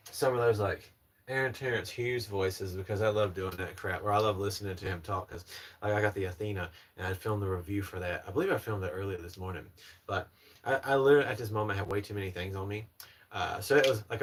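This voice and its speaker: A man's voice: lowish voice, fairly bright tone. A young man from North Carolina with a Southern American accent, hosting a casual livestream and answering chat comments in a polished presenter voice. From North Carolina, USA. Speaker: livestream host.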